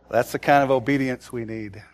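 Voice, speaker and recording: A pastor in his forties preaching a sermon, telling stories and acting out the quotes with big swings from loud to soft. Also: mid-range voice, slight background noise. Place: church sanctuary.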